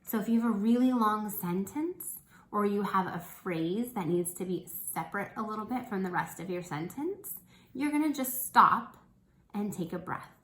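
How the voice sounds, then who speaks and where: A woman's voice: mid-range voice, expressive, moderate pace, fairly bright tone, reverberant, poor audio. A woman teacher giving a lesson to young children, encouraging and checking in often. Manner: encouraging, checks in with frequent "okay?".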